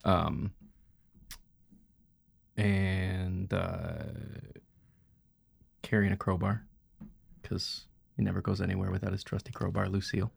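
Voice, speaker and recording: A man playing a tabletop game, describing his character in a halting, hesitant way. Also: low-pitched, flat delivery, gravelly, husky. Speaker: player. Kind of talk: casual tabletop chat.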